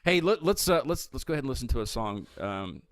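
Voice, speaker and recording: Fast-talking Southern host. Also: male voice, mid-range voice, big pitch swings, dry recording. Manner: rambling, stammers and repeats words. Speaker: host of a live music show. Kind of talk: casual live-stream interview.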